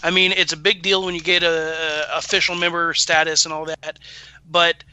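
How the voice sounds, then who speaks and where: Panel guy, high bright voice, earnest and stumbling, dry sound. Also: flat delivery, normal speed, clean tone, dry recording, rough recording. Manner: earnest, stumbling over repeated words. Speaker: podcast panelist. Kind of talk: casual podcast chat.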